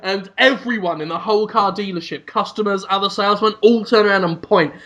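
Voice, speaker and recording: Man, high-pitched, gravelly, bright, comic podcast storyteller, rambling. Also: fairly quick, highs cut off. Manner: rambling absurd storytelling, bursts into loud put-on voices. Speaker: podcast host. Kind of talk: comedic improvised storytelling.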